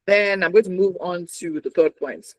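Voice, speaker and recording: A communication trainer with a Nigerian accent leads a workshop. His voice sits a little high for a man. He talks emphatically and keeps checking in with his listeners. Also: normal speed, dry recording, rough recording. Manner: emphatic, checks in with frequent "right?". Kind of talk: workshop teaching.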